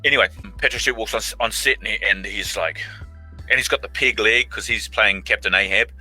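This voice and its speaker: A middle-aged man with a very bright, forceful voice sits slightly low in pitch. He spins casual anecdotes as an interview guest over a video call. He acts out other people's lines with lively jumps in voice. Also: brisk, slightly rough, soft background music, rough recording. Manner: animated, acts out quoted lines in big voices. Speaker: actor guest.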